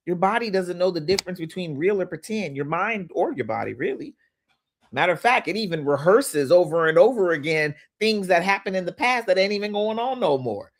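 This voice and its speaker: A host guides listeners through gratitude and affirmations at a deliberate pace, repeating each line. Between exercises the talk turns informal and energetic, with slang and shout-outs to viewers. The voice sits in a middle register. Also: medium pitch. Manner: leads slow repeated affirmations, greets chat viewers; informal, upbeat preaching with slang. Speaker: host of a live money-mindset session. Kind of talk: guided visualization and affirmations on a livestream.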